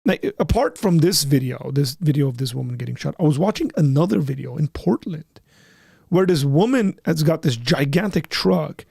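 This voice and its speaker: A man's voice: on the high side, lively intonation, normal speed, vocal fry, warm tone, slightly rough, no room sound, studio quality. A man hosting a live call-in panel, talking conversationally and emphatically and telling a personal story. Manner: conversational and emphatic, rising sharply when heated; acts out both sides of remembered dialogue. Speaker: host of a call-in apologetics panel.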